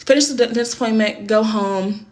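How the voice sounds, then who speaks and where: A woman's voice: fairly high pitch, normal speed. A young adult woman telling a personal story to camera in a casual storytime vlog, candid and blunt, swearing often and filling with "like". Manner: candid, heavy swearing, many "like" fillers.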